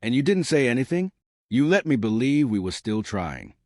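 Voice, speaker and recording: Heartbroken young wife, voiced by a man narrator: soft, hurt, pleading, lively pitch. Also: normal speed, no echo.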